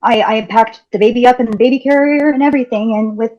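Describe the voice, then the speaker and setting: Flustered mom on a muffled call into court, higher voice, keeps saying sorry, music faint behind. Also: female voice, quick pace, mellow. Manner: apologetic, flustered, interrupting. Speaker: self-represented parent. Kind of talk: court hearing.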